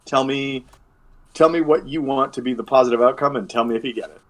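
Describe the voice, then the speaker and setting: A man's voice: mid-range voice, brisk, fairly bright tone. A man running a tabletop game as game master, rambling with many fillers and restarts. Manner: rambling, filler-heavy, self-correcting.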